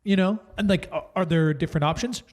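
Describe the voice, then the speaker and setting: A man co-hosting a relaxed podcast talks in a somewhat high voice. He rambles, jokes and corrects himself mid-sentence as he works through his thoughts. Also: fast. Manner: rambling, self-correcting, jokey. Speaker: podcast co-host. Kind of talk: casual podcast chat.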